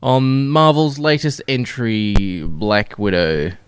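A man hosting a casual podcast, chatty and animated, laughing often. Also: mid-range voice, takes it slowly, clean tone, no echo, studio quality. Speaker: podcast host.

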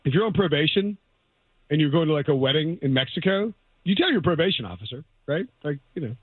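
A man's voice: a little high, lively intonation, fast talker, husky, no echo. A man co-hosting a sports radio show, casual and sarcastic, rambling with frequent restarts. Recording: tinny phone-like radio audio.

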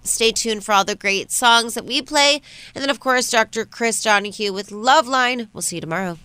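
A woman's voice: fairly high pitch, normal speed, pushed and bright, smooth, no echo. A woman hosting a radio show, chatting casually and gushing with enthusiasm. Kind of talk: casual chat.

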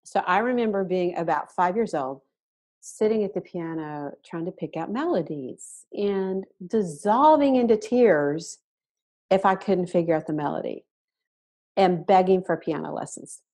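A woman in her sixties with an Arkansas Southern accent, telling her story as a podcast guest in a relaxed, reflective way. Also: on the low side, a little slow. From Arkansas, USA. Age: 60s. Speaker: guest voice teacher. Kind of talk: casual podcast interview.

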